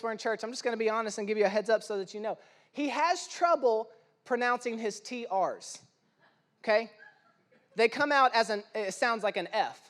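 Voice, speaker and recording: A young man preaching a sermon in church, telling stories in a lively, humorous way and acting out the voices of the people he quotes. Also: very high-pitched. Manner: animated, acts out quoted voices, self-deprecating humor. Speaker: pastor. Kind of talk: sermon with storytelling.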